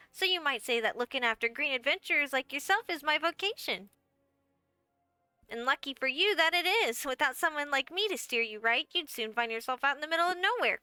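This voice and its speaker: Momodi, a brassy tiny guildmaster. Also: female voice, sits high, sharp tone. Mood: welcoming. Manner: wry, folksy storyteller. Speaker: game character. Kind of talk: game voice acting.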